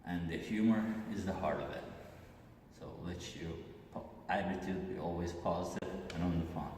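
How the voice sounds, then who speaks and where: A low-voiced man with an Azerbaijani accent reads a comic monologue at a steady, deliberate pace. He is heard from a distance in a large hall with long, heavy reverb and a faint hiss underneath. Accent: Azerbaijani, Aghdam. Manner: deliberate, measured delivery with occasional restarts. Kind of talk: reading a prepared comic monologue.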